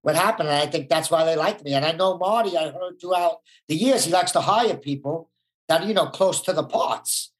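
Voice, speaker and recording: A man's voice: on the high side, normal speed. New man, fifties, easygoing guest telling stories. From New York. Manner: laid-back storyteller, uses "like" a lot. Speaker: guest, actor. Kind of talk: casual interview chat.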